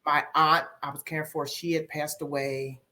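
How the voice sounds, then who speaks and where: A middle-aged woman, a life coach guest on a podcast, telling her story candidly and reflectively, with many pauses and repeated phrases. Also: deep voice, flat delivery, bright, forceful tone.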